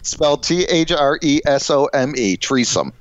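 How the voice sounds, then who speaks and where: A middle-aged man co-hosting a casual comedy podcast, rambling and halting with lots of fillers and chuckles. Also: on the high side, lively intonation. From Illinois. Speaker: podcast co-host. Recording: dull, dry lo-fi podcast audio.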